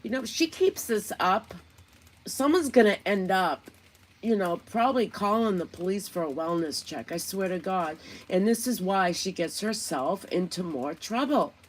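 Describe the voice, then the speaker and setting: A woman's voice: medium pitch, animated, normal speed. A woman hosting a casual commentary vlog, talking in a chatty, indignant, gossipy way. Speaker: commentary channel host.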